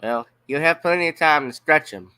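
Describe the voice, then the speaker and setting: A man's voice: fairly high pitch, expressive, pushed and bright, smooth, no room sound. A man from Louisiana, giving blunt, profane casual commentary on a news story. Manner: blunt, profane, drawn-out emphasis.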